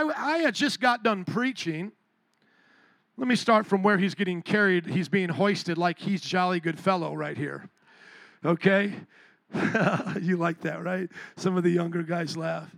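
A male pastor preaching a sermon, telling a story with lively energy and questions to the congregation. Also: high voice, dry recording. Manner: animated storytelling, talks to the congregation. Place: church.

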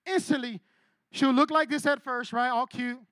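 High-pitched male pastor, casual sermon style, keeps checking in with the room, dry close sound. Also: fairly even intonation, normal speed, fairly bright tone, no echo. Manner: conversational, keeps asking "right?" and teases the congregation.

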